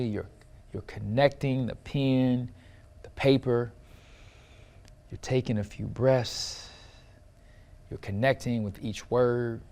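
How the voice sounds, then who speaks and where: A middle-aged man teaching how to write and perform a personal story, with expressive shifts in loudness and pitch and repetition for emphasis. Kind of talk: instructional talk to camera.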